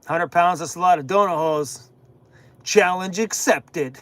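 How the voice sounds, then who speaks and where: A man hosting a live-stream Q&A from inside his camper van, jokey and animated, laughing at his own jokes. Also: on the high side, brisk. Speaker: van-life channel host.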